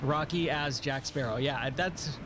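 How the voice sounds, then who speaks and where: A tired, hoarse man chatting casually while live-streaming a game, rambling and repeating words. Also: medium pitch, unhurried, background noise.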